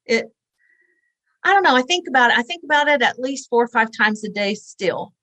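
A woman's voice: fairly high pitch, lively intonation, brisk, sharp tone, no room sound, poor audio. A woman in her forties, a guest in an interview, tells a personal story in an earnest, conversational way and acts out the voices she quotes. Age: 40s.

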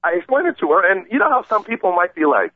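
A man calling in to a radio show and telling an animated, rambling story, acting out the voices of the people in it. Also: sits high, fast talker, no room sound. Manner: excited, acts out quoted voices, rambling. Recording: tinny phone line, dry.

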